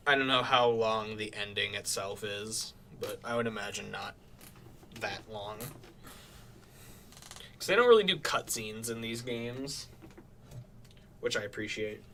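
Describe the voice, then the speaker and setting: A man's voice: lowish voice, expressive, takes it slowly, pauses often, pushed and bright, slight background noise. A man streaming a horror game, chatting casually and thinking aloud about what he sees. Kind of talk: casual gameplay commentary.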